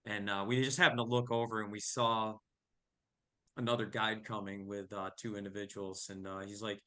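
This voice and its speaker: Middle-aged male guest, bright and fairly low, lively storyteller who acts out dialogue. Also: normal speed. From New York. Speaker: family business owner, podcast guest. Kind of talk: casual storytelling.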